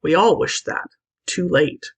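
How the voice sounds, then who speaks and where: A woman reading a classic children's novel aloud in an expressive, lively narration. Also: lowish voice, measured pace, husky, low-quality recording. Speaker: audiobook reader. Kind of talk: scripted storybook narration.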